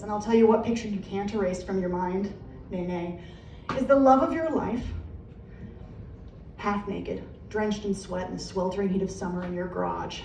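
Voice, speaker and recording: A woman's voice: mid-range voice, normal speed, creaky, a little mellow. An American woman doing stand-up comedy, telling profane stories and acting out voices, recorded live in a comedy club. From United States. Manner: brash, profane storytelling with acted-out voices. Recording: echoey room, distant mic, faint noise.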